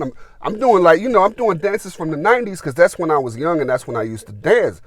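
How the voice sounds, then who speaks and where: A man's voice: a little high, quick pace, few pauses. Rambling man telling a story. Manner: rambling, filler-heavy, animated retelling. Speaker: gardening vlogger. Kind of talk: casual storytelling.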